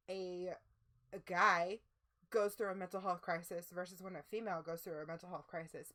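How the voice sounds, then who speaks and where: A woman's voice: mid-range voice, fairly bright tone. A woman co-hosting a livestream, talking in a casual, rambling way with many "like"s. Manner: rambling, heavy use of "like". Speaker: co-host.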